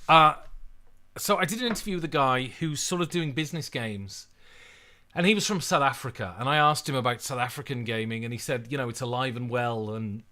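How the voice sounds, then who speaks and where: Chatty English man with a bright voice. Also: medium pitch, fairly quick. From England. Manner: chatty, animated storytelling, reads viewer questions aloud. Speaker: livestream host. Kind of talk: casual livestream chat.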